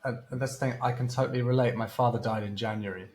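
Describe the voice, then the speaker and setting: A man hosting a podcast who speaks in a gentle, sympathetic way and hesitates now and then. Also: medium pitch, steady tone, quick pace, low-quality recording. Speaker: podcast host. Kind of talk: casual interview chat.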